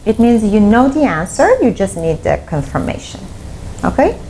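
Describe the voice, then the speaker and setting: A woman's voice: medium pitch, sing-song, normal speed, warm tone, a little hiss or hum, poor audio. Woman teaching English step by step. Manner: explains step by step, repeating examples. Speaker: English teacher and language school founder. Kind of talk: online English lesson.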